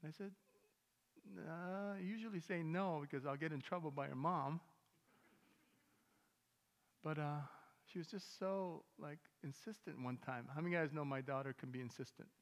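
A male pastor preaches to his congregation in a relaxed, conversational way, slipping into the voices of the people in his stories. His voice sits a little high for a man. The sound rings out with a long reverb through a church hall. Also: normal speed, pauses often. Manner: conversational storytelling, acts out dialogue. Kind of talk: sermon. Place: church sanctuary.

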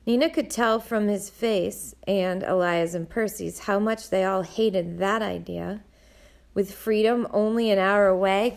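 A woman narrating an audiobook in a measured storytelling manner. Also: mid-range voice, vocal fry.

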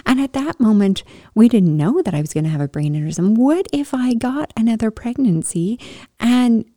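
A woman telling her own story in a casual, animated way, swinging from loud bursts to soft whispers. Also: a little high, normal speed, no echo, studio quality. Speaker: storyteller sharing a personal story.

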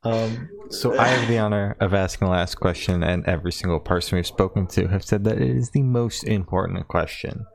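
A man's voice: lowish voice, brisk, creaky, few pauses. A man hosting a casual interview, playful and joking as he asks questions.

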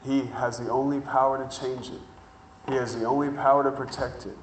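A man preaching a sermon, telling a story and acting out the people in it, building to excited shouting. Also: medium pitch, brisk, echoey room, far from the mic, slight background noise, rough recording. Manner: builds from calm to shouting excitement, acts out dialogue. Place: church hall with congregation.

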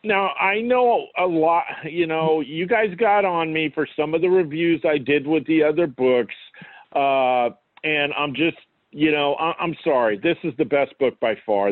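Man, host, casual interview, enthusiastic, higher voice, dry, phone-like. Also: no room sound. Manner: enthusiastic, quick to laugh, chatty. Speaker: podcast host. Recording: dry, phone-like narrow sound.

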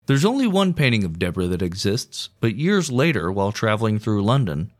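A man's voice: lowish voice, very animated, fairly quick. A man hosting a podcast, telling history in a crude, irreverent comic way. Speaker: podcast host. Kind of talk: comedic history narration.

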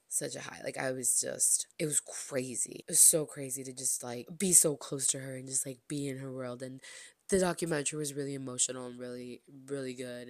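A young woman hosting a podcast, telling a story with gushing, dramatic delivery, repeating phrases and swinging between loud exclamations and hushed asides. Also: very deep voice, no echo. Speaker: podcast host. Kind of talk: excited storytelling to listeners.

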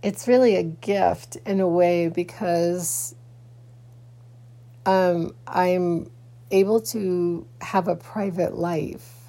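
A woman's voice: on the low side, steady tone, extremely slow, mellow. A woman podcaster talking in a casual personal vlog, rambling with many restarts and fillers, sleepy and yawning early in the morning.

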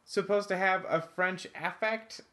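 A man's voice: sits high, fairly even intonation, unhurried, bright, forceful tone. A man chatting casually about a movie, rambling, swearing and laughing often.

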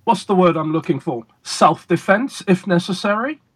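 A man being interviewed as a guest magician, telling stories in a deliberate, emphatic way with pauses for effect. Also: sits high, a bit bright, husky. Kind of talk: casual interview storytelling.

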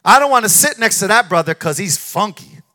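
A man's voice: high-pitched, expressive, sharp tone, heavily acted. A man preaching in the voice of a whiny churchgoer who makes excuses to skip church. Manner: whiny, mocking, fast. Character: complaining churchgoer making excuses to stay home.

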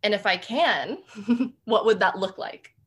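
A woman's voice: mid-range voice, measured pace, a bit bright, slightly rough. A woman hosting a podcast, affirming her guests' ideas and laughing often as she talks. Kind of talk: reflective podcast conversation.

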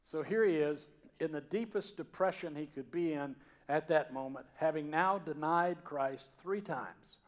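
A man's voice: on the high side, unhurried. Storytelling Southern-raised man preaching. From Georgia mountains, US South. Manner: conversational, storytelling, dynamic swings from loud to hushed. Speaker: pastor. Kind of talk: sermon.

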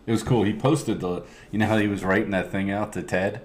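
A man with a very low voice chats on a casual podcast. He speaks in a relaxed, halting way, with fillers and trailing sentences. Faint background noise sits under him. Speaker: podcast co-host. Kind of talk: casual chat.

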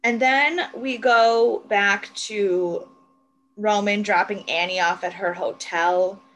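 A woman's voice: mid-range voice, slow, a bit bright, low-quality recording. A woman co-hosting a podcast, chatting casually as she recaps TV scenes, swearing freely and acting out the lines she quotes. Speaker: podcast co-host.

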